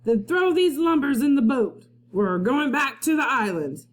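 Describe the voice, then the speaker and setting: Woman reading as a bossy one-eyed pirate captain, raised gruff voice, storybook read-aloud. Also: high-pitched, expressive, a little slow, voice pushed up.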